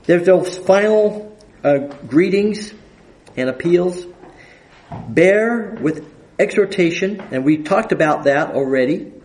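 A man teaching a Bible study, speaking haltingly with fillers and reading scripture aloud with emphasis. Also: fairly high pitch, a little mellow, low-quality recording. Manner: halting, with frequent fillers and restarts.

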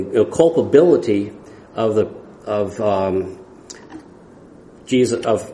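Male preacher, low mellow voice, earnest and halting, Bible-study sermon recorded in a reverberant church hall. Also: slight background noise. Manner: earnest, halting with restarts and fillers. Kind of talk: expository sermon.

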